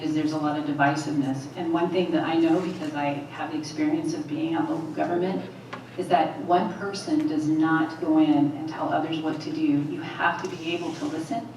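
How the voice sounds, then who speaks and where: A woman running for office, answering forum questions in a steady, measured way and repeating phrases for emphasis. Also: low-pitched, noisy background. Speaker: political candidate. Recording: echoey hall, voice from far off.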